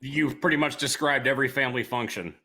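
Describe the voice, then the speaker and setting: A man hosting a casual interview over drinks, firing off dry jokes and quick quips. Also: mid-range voice, pushed and bright. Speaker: host.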